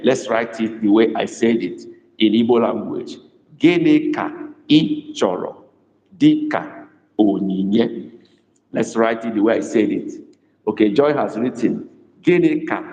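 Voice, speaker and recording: A man teaching a live online language class, dictating phrases slowly and repeating them, praising students by name. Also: mid-range voice, dark tone, lo-fi sound. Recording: echoey room with long reverb.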